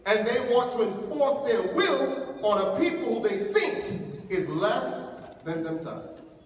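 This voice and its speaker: A man giving an animated lecture to young people, acting out the voices of the people he quotes. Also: very high voice, slow pace. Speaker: imam giving a youth lecture. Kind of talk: lively motivational lecture. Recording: echoey hall from far off, faint noise.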